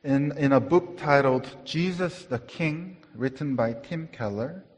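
Slow-preaching man in a reverberant hall. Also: a little high. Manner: earnest, repeats words for emphasis, occasional laughs; swells louder on key phrases, then drops to a hush. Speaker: pastor. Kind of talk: sermon.

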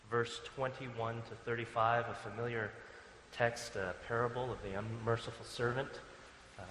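A man preaching in a church sanctuary, his voice trailing off into a long reverb. His delivery is relaxed and conversational, full of small fillers and restarts. A faint room hum sits beneath him. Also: lowish voice. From Canada. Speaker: pastor. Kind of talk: sermon with scripture reading.

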